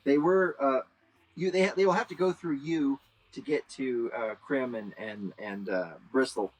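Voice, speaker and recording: A man's voice: measured pace, poor audio. A man narrating and running a tabletop role-playing game as game master, talking loosely with many fillers. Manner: rambling with many fillers, bursts into high shouted character voices.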